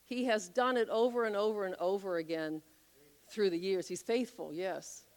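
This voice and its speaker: A woman preaching a sermon, telling a Bible story with animated, acted-out voices. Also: medium pitch, normal speed. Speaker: pastor.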